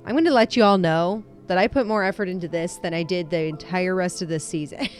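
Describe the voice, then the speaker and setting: Woman, podcast co-host, chatty and self-deprecating, quick to laugh. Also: fairly low pitch, faint music behind. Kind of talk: casual true-crime podcast chat.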